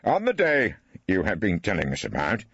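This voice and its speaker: A wry old barrister, voiced by a male reader, cross-examines with arch, ironic courtesy. His husky voice swoops widely in pitch, recorded dry and a little dull. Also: wildly swooping pitch, normal speed, a bit bright, dry recording, heavily acted. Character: wry elderly male barrister, mock-polite. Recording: dry, slightly dull studio.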